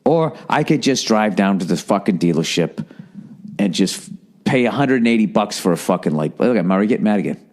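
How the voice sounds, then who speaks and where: A man's voice: lowish voice, lively intonation, fairly quick, a little mellow. A man hosting a podcast, talking on his own in a casual monologue, swearing often, rambling and exasperated, breaking off his sentences and slipping into mocking voices. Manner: profane, exasperated rambling with frequent self-interruptions; slips into mocking put-on voices. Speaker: podcast host.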